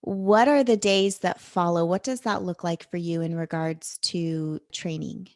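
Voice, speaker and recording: Slow-spoken supportive woman host. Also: lowish voice, fairly even intonation, no room sound, clean studio sound. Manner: supportive, affirming listener. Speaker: podcast host. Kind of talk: casual podcast interview.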